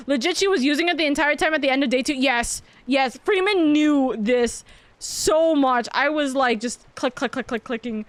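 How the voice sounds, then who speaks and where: A woman's voice: high voice, moderate pace, dry recording. A young woman streaming to her viewers, chatting casually and gushing, often repeating herself. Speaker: VTuber streamer. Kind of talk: casual chat to livestream viewers.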